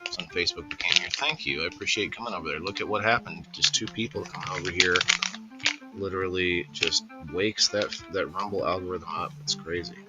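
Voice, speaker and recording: A man's voice: low voice, steady tone, a little fast, over loud music. A man hosting a casual livestream, rambling in an easygoing way and greeting viewers by name. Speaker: livestream host.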